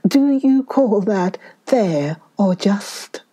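A woman's voice: mid-range voice, expressive, extremely slow, warm tone, breathy edge, pitched above the performer's own voice, exaggerated voice. A woman voicing a frightened old male holy man who begs and stammers in a children's story. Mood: pleading. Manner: pleading, stammering.

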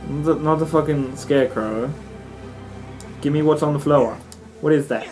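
Excitable young man gaming. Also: a little high, moderate pace, soft background music. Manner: animated, swears often, squeals and shouts at the game. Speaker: gaming let's-play host. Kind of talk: excited let's-play commentary.

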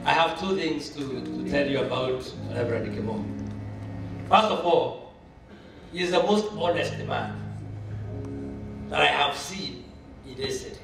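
A high-pitched man preaches with emphatic force, his voice swelling now and then. He is heard from a distance in a very echoey church hall. Strong music runs behind him. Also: measured pace, gravelly, long pauses. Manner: emphatic, mixes languages, rising to a shout. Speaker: church leader speaking at a launch. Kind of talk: sermon-style speech.

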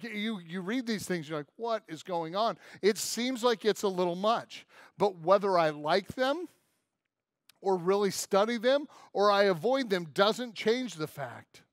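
A man's voice: sits high, dry recording, clean studio sound. A man pastor preaching a conversational, humorous sermon with strong emphasis. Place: church.

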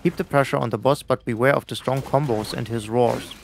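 A man's voice: medium pitch, creaky, slight background noise. A middle-aged man giving a scripted, instructive voice-over for a game boss guide. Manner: brisk, instructive, even delivery.

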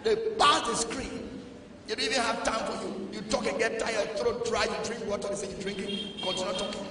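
A man with a Liberian English accent preaching a sermon as pastor, dropping to low talk and rising to shouted exhortation. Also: steady tone, a little fast, noisy background. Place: large church hall. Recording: echoey hall, distant mic, music behind.

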